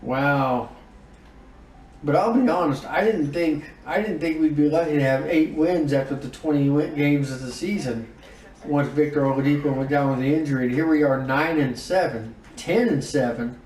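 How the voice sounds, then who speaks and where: A man giving casual commentary on his own game season, reacting out loud to each win and loss. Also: a little high, moderate pace, reverberant, distant mic, a little hiss or hum, low-quality recording. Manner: emotive, groans and exclaims over results. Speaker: gaming YouTuber.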